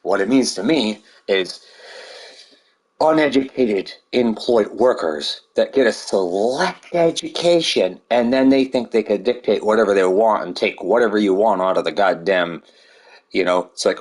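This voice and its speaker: A man's voice: on the low side, animated, measured pace. A man delivering a rambling, heated monologue full of swearing. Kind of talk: ranting monologue.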